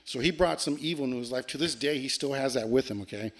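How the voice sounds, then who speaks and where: Fast talking guy telling a creepy story, swearing, acting out the lines. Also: medium pitch. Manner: animated, swearing, acts out quoted lines. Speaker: podcast guest. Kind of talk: casual storytelling.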